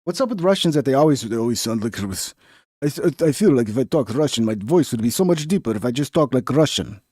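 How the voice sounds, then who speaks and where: A man's voice: mid-range voice, expressive, brisk, a little mellow, slightly rough, no room sound, studio quality. A young American man hosting a live stream, reacting to news in a casual, rambling way with lots of slang and swearing. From United States.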